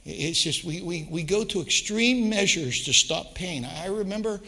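A man's voice: high voice, normal speed, hardly any pauses, bright, forceful tone, long reverb tail. A middle-aged man, a pastor, preaching a sermon and telling stories with repeated words. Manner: storytelling with acted quotes, repeats words.

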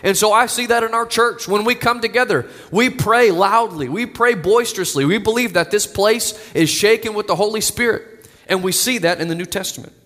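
A man's voice: sits high, brisk, a bit bright. A young adult male pastor preaching a sermon, earnest and building to emphatic declarations. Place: church sanctuary. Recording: long reverb of a church hall.

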